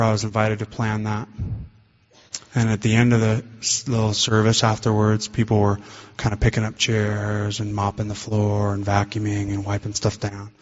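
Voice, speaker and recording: Brief: lowish-voiced male guest speaker, earnest storyteller, muffled meeting-hall recording. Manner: earnest, conversational storytelling with fillers. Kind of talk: personal recovery talk. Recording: dull lo-fi recording in a reverberant hall.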